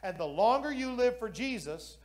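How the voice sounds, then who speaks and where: A male pastor preaching a sermon with passion, building to loud exclamations. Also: very high voice, lively intonation, normal speed.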